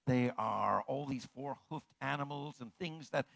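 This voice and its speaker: A man pastor delivering a sermon in an animated way, swinging from hushed, slow passages to ringing declarations. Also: mid-range voice, gravelly, no room sound, poor audio.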